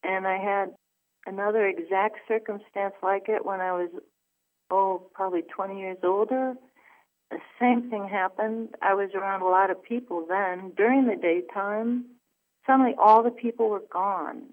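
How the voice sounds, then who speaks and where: A woman's voice: mid-range voice, steady tone, normal speed. A woman guest earnestly telling a personal story on a call, with many restarts and fillers. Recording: phone line.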